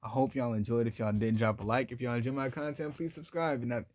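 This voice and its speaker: A man's voice: medium pitch, fairly even intonation, fast, darkish tone, no room sound. A man narrating a fan-made story in a casual, improvised way, rambling with a lot of "like" and restarts. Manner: rambling, heavy use of "like" and restarts.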